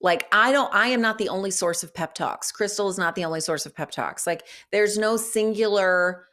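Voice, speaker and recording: A middle-aged woman, a guest author, chatting in an interview, lively and thinking out loud with many fillers and restarts. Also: mid-range voice, normal speed. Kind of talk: casual interview chat.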